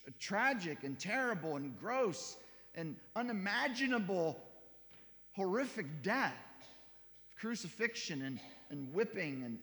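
A man's voice: a little high, sharp tone, long reverb tail. A male pastor preaching a sermon in a church, emphatic and repetitive with stumbling restarts.

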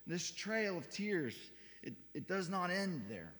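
A man's voice: sits high, very animated, takes it slowly, fairly bright tone, long reverb tail. A male pastor preaching a sermon in a church, emphatic and repetitive with stumbling restarts.

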